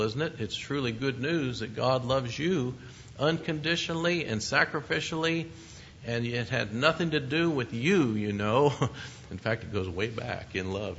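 A man's voice: mid-range voice, moderate pace, gravelly, a bit bright, a little hiss or hum. A man preaching a sermon in a conversational way, with asides to his listeners and short chuckles. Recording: muffled lo-fi recording.

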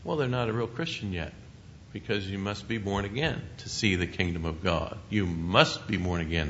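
Low, forceful man teaching the Bible. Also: dull audio. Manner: reads scripture aloud with rising emphasis, then explains conversationally.

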